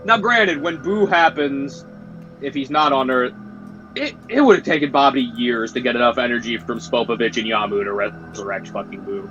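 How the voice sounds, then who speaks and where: A man's voice: medium pitch, lively intonation, normal speed, a bit bright, soft background music. A young man streaming, talking casually and animatedly, cursing and laughing as he retells scenes. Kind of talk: casual chat. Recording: dull lo-fi stream audio.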